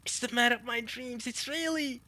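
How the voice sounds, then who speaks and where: Guy putting on a high breathy lady voice, older bar owner all teary and swooning, bright tone. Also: moderate pace, no room sound, heavily acted. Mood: swooning, tearful. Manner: high falsetto, breathy and gushing.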